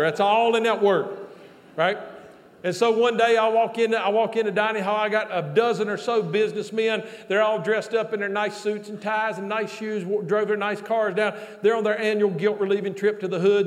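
A man telling a folksy, animated sermon story as a pastor, with loud exclamations. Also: high-pitched. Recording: long hall reverb.

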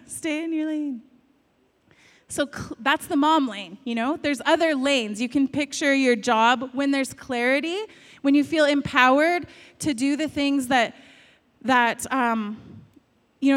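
A woman's voice: high-pitched, big-room sound. A woman giving a conversational sermon, telling stories and asking many rhetorical questions. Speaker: speaker giving a talk on faith.

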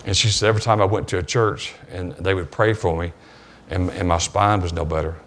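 A man's voice: low voice, fairly even intonation, a bit bright. A man with a Southern US accent preaching a sermon in church, telling a story with many restarts and repeated words. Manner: halting, repeats words, retells dialogue. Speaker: pastor. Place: church sanctuary.

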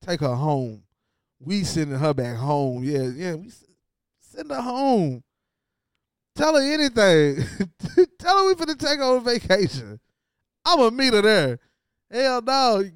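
A man's voice: sits high, sing-song, a little slow, pauses often, clear, resonant tone, dry recording, studio quality, voice pushed up, exaggerated voice. A man playing a cold, dismissive rich man who brushes off his ex-girlfriend in an offhand way.

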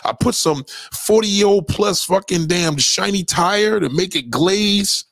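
With a high voice and a measured pace, a man tells comedic stories to camera in a rant heavy on swearing and street slang. He's animated, acting out the voices in his anecdotes. The clean studio sound has no echo.

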